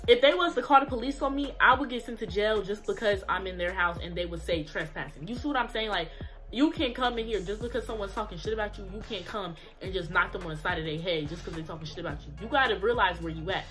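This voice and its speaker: A woman's voice: mid-range voice, fast, soft background music. Slangy, profane young woman vlogger. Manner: profane, slangy, animated storytelling. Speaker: YouTuber telling a story. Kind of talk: casual storytime vlog.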